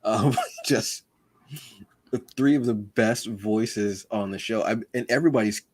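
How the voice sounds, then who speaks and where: A man's voice: fairly low pitch, unhurried, no room sound, clean studio sound. A man co-hosting a podcast, chatting casually and animatedly, acting out quoted lines with self-deprecating asides. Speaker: podcast co-host.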